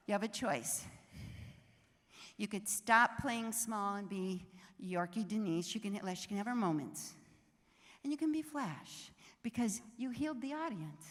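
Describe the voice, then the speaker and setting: An older woman, an author and inspirational speaker, giving an energetic, exhorting live talk to an audience and laughing often. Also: mid-range voice, normal speed. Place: large hall with live audience. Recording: reverberant hall sound.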